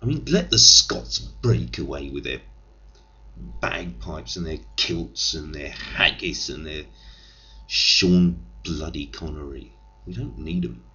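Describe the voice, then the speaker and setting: Low gravelly Englishman, pompous rant. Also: expressive, takes it slowly, bright, forceful tone, dull audio. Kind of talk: comic monologue.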